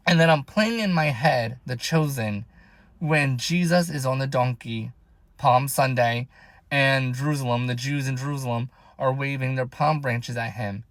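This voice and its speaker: A man's voice: on the high side, fairly bright tone, no echo. Rambling young man with a dry sound. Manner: rambling, emotional, heavy use of "like". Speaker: vlogger. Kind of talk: casual personal faith talk.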